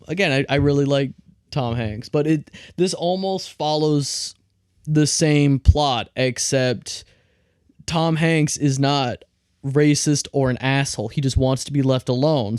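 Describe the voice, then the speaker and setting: A man's voice: medium pitch, a little mellow, clear, resonant tone, no echo, studio quality. A young man co-hosting a film podcast, chatting casually and rambling with restarts. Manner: rambling, restarts, comparing films. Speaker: podcast co-host. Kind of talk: casual film review chat.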